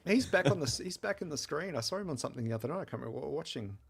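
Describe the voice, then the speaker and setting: A man's voice: fairly high pitch, lively intonation, racing, creaky, slightly rough. An Australian man hosting a casual podcast interview, steering it with questions and short agreeing remarks. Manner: steers the talk with questions, brief backchannels. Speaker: podcast host.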